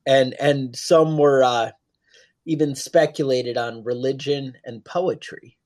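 A man's voice: medium pitch, fairly even intonation, takes it slowly, darkish tone. A man co-hosting a podcast, talking casually in rambling, joking asides. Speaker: podcast co-host.

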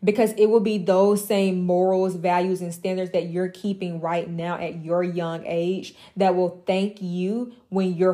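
Blunt, emphatic woman with a mellow voice. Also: fairly low pitch. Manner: emphatic, repetitive, blunt and profane, with mocking asides. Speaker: women's mentor. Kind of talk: impassioned motivational monologue.

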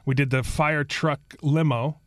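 A man telling stories as a guest in a casual interview, rambling and animated, acting out what people said. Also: a little high, measured pace, dry recording, clean studio sound. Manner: rambling, animated storyteller who acts out quotes.

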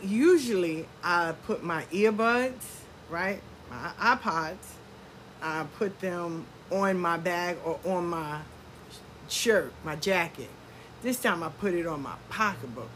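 A woman in a casual storytime rant, animated and exasperated, acting out the people she quotes. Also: mid-range voice, a little hiss or hum. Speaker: vlogger telling a personal story.

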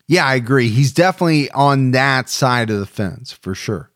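A man's voice: medium pitch, expressive, normal speed, a bit bright, no echo, studio quality. A man co-hosting a true crime podcast, chatting animatedly and speeding through some phrases. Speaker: podcast co-host.

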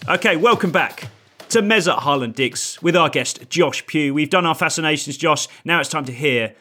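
A man's voice: on the high side, moderate pace, bright, forceful tone. A man hosting a football podcast, musing wryly and laughing easily as he chats with his guests. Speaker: podcast host. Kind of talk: casual chat.

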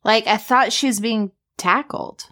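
A woman's voice: a little high, a little slow, sharp tone. A woman co-hosting a podcast, reacting to the story in casual chat with blunt quips. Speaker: podcast co-host.

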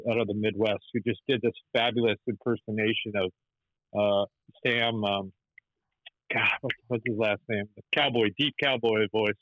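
A man's voice: on the low side, no echo, muffled recording. A man telling stories as an interview guest, rambling with many restarts and fillers. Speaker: animator and musician guest. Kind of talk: storytelling interview.

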